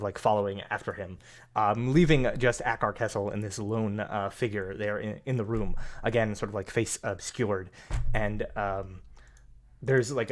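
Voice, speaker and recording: A man narrating a tabletop game as game master, rambling with many fillers. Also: lowish voice. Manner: rambling, full of fillers and hedges.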